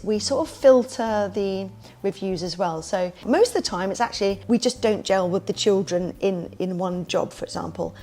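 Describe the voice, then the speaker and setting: A woman who runs a kids party business, telling stories as a podcast guest in a lively way and acting out the voices she quotes. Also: mid-range voice, moderate pace, few pauses, faint music behind. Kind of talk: casual interview storytelling.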